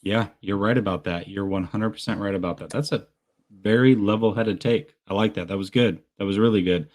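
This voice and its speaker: A man's voice: on the low side, fairly even intonation, fairly quick, darkish tone. Enthusiastic male call-in host. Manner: enthusiastic, praising callers. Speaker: podcast host taking calls. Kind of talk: casual sports call-in talk.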